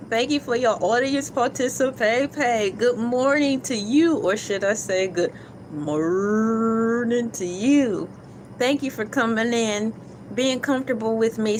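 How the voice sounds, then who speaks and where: A woman's voice: fairly high pitch, slight background noise. A woman hosting a casual morning livestream, joking playfully and slipping into silly voices. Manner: playful, jokey, drops into silly put-on voices. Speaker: livestream host.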